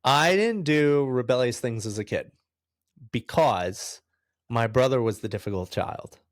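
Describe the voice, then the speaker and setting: A man's voice: mid-range voice, unhurried, no echo, clean studio sound. A man in his thirties from New York, telling stories with frequent laughter as a podcast guest. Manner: animated storyteller, laughs often, acts out other voices. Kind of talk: casual storytelling interview.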